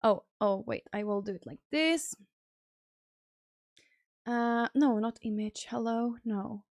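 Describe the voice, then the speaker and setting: High-voiced woman streamer chatting casually. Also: slow pace, no echo, clean studio sound. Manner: chatty, thinks aloud while fiddling with stream settings; bursts into high excited thanks for gifted subs. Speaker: livestream host. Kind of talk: casual live-stream chat.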